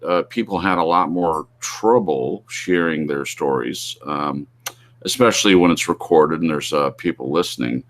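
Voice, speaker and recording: A man with a deep, low-pitched voice hosts a live online show. He talks loosely and rambles, with plenty of fillers and restarts. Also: a bit bright. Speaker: host. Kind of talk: casual live-stream talk.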